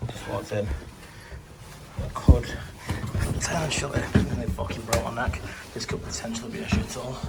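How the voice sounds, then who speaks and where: Casual guy vlogger, sweary banter, mid-pitched voice, noisy street sound. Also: fairly even intonation, normal speed, creaky. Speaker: travel vlogger. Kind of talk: casual vlog chat. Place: city streets outdoors. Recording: noisy outdoor street audio.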